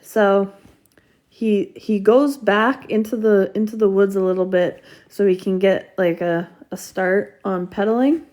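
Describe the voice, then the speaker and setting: A woman's voice: medium pitch, fairly even intonation, a little slow, a little mellow. A woman casually telling a personal story, rambling and restarting, with lots of fillers. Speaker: vlogger.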